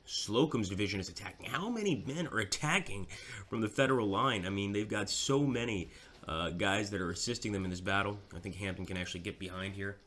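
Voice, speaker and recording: A man's voice: on the low side, brisk, fairly bright tone. A man giving casual, chatty commentary over a strategy game, mocking himself now and then.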